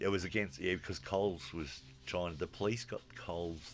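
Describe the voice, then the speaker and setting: A man's voice: deep voice, brisk. A man telling a long story in casual chat, acting out what people said and dropping in "you know" often. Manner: animated storyteller, acts out quotes, frequent "you know". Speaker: guest storyteller.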